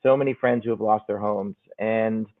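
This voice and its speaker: A man's voice: fairly low pitch, fairly even intonation, normal speed. A middle-aged man, a guest calling in from a hotel room, speaking earnestly and reflectively in a casual chat. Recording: tinny phone-like call audio.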